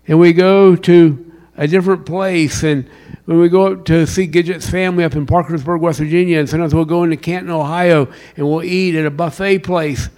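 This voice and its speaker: A male pastor from South Carolina delivers a sermon in a Southern US accent. His voice sits a little high for a man, and he moves between loud, driving lines and low, quiet ones as he preaches. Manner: preaching with wide swings in pitch and loudness.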